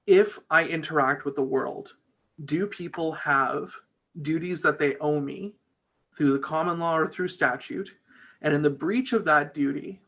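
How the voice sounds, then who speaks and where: A man's voice: fairly high pitch, creaky, sharp tone. A man who works as a trial lawyer, chatting casually and energetically as a guest in an interview.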